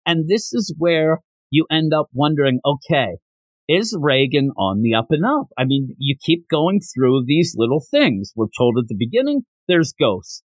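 A man's voice: fairly high pitch, big pitch swings, unhurried, no echo. A man hosting a podcast, reviewing a manga in a casual chat and retelling scenes with lots of fillers.

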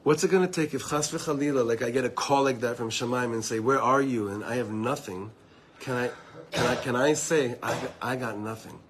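A man's voice: mid-range voice, a little fast, a little hiss or hum. A man giving an informal Torah talk to a small group, telling personal stories with earnest asides to his listeners. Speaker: Torah teacher.

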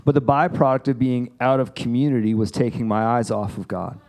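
A man giving a casual, conversational sermon, animated and chatty as he acts out a Bible story. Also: medium pitch, brisk. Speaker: pastor.

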